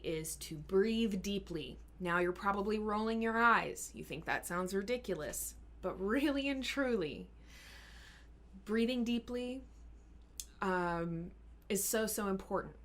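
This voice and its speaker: A woman health coach answering questions in a live Q&A. She talks in an earnest, encouraging way, explains things step by step, and sometimes slows down and softens her voice to show calm speaking. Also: medium pitch. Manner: sometimes drops to a slow, soft voice to model calm speaking. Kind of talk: live Q&A advice talk.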